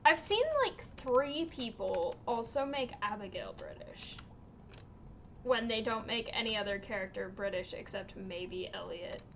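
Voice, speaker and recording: A woman livestreaming a game, chatting casually in an unhurried way, with lots of little laughs and ums. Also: medium pitch, a bit bright, muffled recording, a little hiss or hum. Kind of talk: casual chat while streaming a game.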